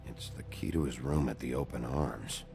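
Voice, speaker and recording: An actor playing a gruff, weary male sheriff investigator in a video game, over game music. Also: moderate pace. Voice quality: very deep, gravelly. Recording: game audio with music behind.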